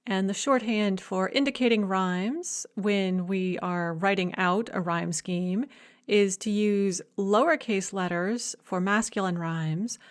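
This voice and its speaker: A woman giving a recorded lecture, explaining points clearly and stressing key ideas. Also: medium pitch, takes it slowly.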